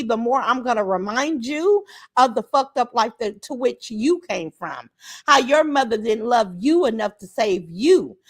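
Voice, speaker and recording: A woman hosting a casual livestream, blunt and profane, reading viewer comments aloud and greeting them warmly. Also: a little high. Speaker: livestream host.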